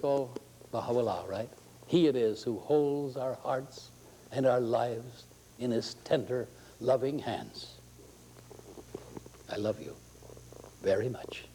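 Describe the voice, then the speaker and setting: A man's voice: mid-range voice, slow, pauses often, a little hiss or hum, low-quality recording. A man giving an inspirational talk to a faith gathering, folksy and joking with his listeners. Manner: folksy, joking, warmly conversational.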